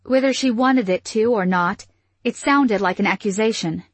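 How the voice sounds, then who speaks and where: A woman's voice: mid-range voice, moderate pace, slightly rough, no echo. Woman narrating a novel, dry close sound. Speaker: audiobook narrator. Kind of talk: scripted fiction narration.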